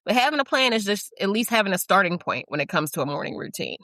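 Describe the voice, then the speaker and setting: Bright, candid middle-aged woman host. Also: mid-range voice, sing-song, quick pace, no room sound. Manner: candid, self-deprecating, chatty with frequent likes and you-knows. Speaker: podcast host. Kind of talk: casual podcast chat.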